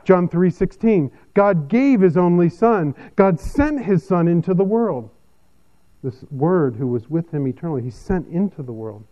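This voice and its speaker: Pastor, male, somewhat high voice; measured expository sermon delivery, lo-fi sound. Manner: measured expository preaching, lively pitch swings.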